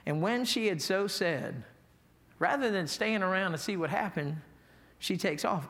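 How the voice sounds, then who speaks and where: A man's voice: high voice, lively intonation, measured pace, a bit bright. A man preaching a sermon as pastor, in a folksy, emphatic way, reading scripture. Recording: echoey hall.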